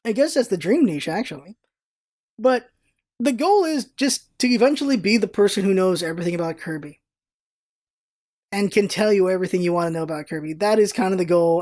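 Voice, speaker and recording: A woman's voice: medium pitch, darkish tone. A woman talking to camera in a casual vlog, rambling and correcting herself as she goes. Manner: rambling, self-correcting, chatty. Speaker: vlogger.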